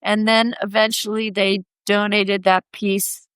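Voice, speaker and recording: A woman sculptor, a podcast guest, telling an anecdote and acting out the quoted voices in a higher pitch. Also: a little slow, smooth, no echo. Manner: animated, acts out quoted voices in a raised pitch. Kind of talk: anecdotal storytelling in conversation.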